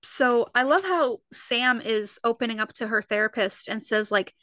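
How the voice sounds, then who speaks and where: Co-hosting a podcast, a woman speaks animatedly in casual chat and frequently acts out lines from scenes. Her voice sits a little high at a normal speed, and there's no room sound.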